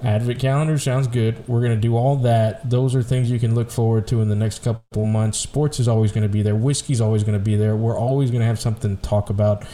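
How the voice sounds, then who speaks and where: A man's voice: mid-range voice, steady tone, fast, few pauses, mellow. A man co-hosting a casual podcast, talking in a loose, rambling way with some swearing. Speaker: podcast co-host.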